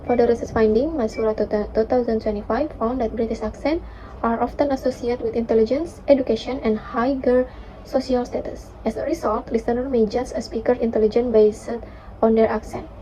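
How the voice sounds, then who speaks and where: A young woman, a student reading her class presentation carefully, with halting restarts and fillers. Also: on the high side, steady tone, mellow. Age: young adult. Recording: dull lo-fi sound with faint noise.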